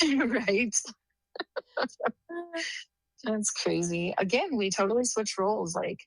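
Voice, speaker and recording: A woman's voice: medium pitch, expressive, slow pace, vocal fry, dry recording, rough recording. A woman in her thirties chatting casually on a podcast, rambling through stories and laughing often. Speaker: podcast co-host, sister. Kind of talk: casual chat.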